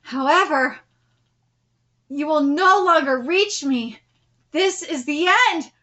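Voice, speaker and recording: A woman's voice: fairly bright tone, highs cut off. A woman reading out a grave, mighty sword god. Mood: grave, admiring. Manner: low, measured reading.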